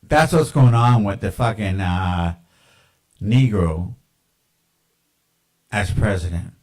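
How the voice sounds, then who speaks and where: Slow, rambling man ranting. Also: on the low side, darkish tone, poor audio. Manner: rambling, profane, full of fillers and tangents. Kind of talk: casual monologue rant.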